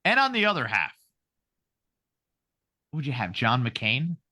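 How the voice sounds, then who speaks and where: A man, hosting a podcast in casual political chat, animated and profane, acting out voices as he tells stories. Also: mid-range voice, measured pace. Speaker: podcast host.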